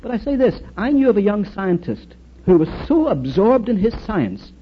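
A man giving a storytelling sermon talk, recounting anecdotes and quoted exchanges in an animated way. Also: high-pitched, normal speed, dull audio, slight background noise. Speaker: speaker addressing an audience.

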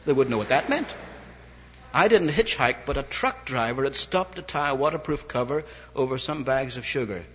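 A dull lo-fi recording with a long hall reverb captures an older Irishman, an evangelist preacher, recounting a wry anecdote in his sermon with lively inflection. He speaks at a moderate pace in a medium-pitched voice with a breathy edge.

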